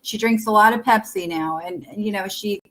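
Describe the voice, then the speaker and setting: A woman's voice: medium pitch, normal speed, crowd noise, poor audio. A woman co-hosting a casual livestream chat, telling personal stories with hesitant restarts. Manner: chatty storyteller, hesitant restarts. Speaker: co-host of a livestream chat show.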